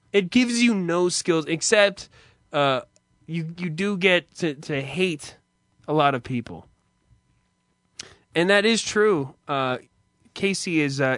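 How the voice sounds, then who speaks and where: A man's voice: high voice, sharp tone, no echo, studio quality. A man hosting a stream, telling rambling, profane anecdotes in a casual monologue and laughing often. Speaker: streamer host.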